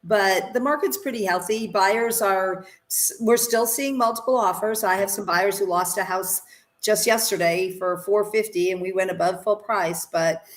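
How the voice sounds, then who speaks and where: A woman's voice: medium pitch, normal speed. A woman real estate agent from Texas answering interview questions in a plain, matter-of-fact way.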